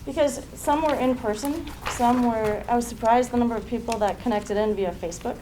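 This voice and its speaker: A woman on city planning staff, walking a commission through a plan in a measured, explanatory way with some fillers. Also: a little high. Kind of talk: public meeting presentation. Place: city council chamber. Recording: noisy meeting room recording.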